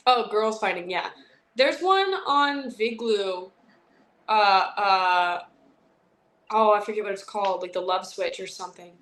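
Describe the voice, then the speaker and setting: A young woman chats as an interview guest, her stories animated and full of fillers. She talks at an easy conversational pitch. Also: measured pace. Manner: chatty, animated storytelling with many fillers. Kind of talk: casual interview chat.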